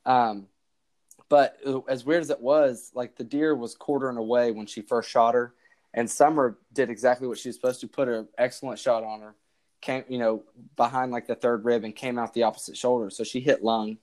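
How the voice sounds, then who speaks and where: A man's voice: mid-range voice, fairly even intonation, fairly quick, darkish tone. A young man hosting a podcast, rambling through a story with lots of restarts and quoted back-and-forth. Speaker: podcast host. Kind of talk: casual storytelling chat.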